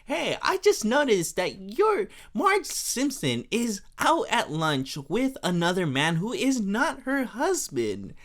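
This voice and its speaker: A man in a shrill falsetto as a nosy gossip woman. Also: huge pitch swings, takes it slowly, hardly any pauses, fairly bright tone, exaggerated voice. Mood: tattling. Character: nosy gossiping middle-aged churchgoing woman.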